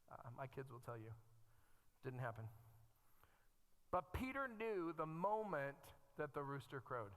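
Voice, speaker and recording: Middle-aged pastor preaching in a reverberant church. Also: male voice, fairly high pitch, sing-song, normal speed, a bit bright. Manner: conversational preaching, reads scripture aloud, self-deprecating asides. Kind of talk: sermon. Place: church sanctuary.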